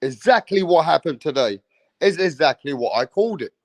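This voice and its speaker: A man's voice: fairly high pitch, expressive, brisk, no room sound. Brash, boastful man hosting a boxing live stream. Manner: boastful, brash and profane, addressing the chat. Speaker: boxing channel host.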